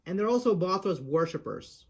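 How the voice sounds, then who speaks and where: A man with a slightly raised pitch talks through a voice impression tutorial. He explains each step casually and often restarts his sentences. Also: expressive, moderate pace, husky.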